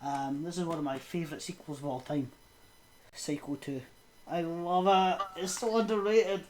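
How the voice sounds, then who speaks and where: A woman's voice: sits low, moderate pace, darkish tone, a little hiss or hum. A woman, co-hosting a podcast in loose, casual chat full of fillers. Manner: rambling, lots of fillers and trailing laughs. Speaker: podcast co-host. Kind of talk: casual chat about horror films.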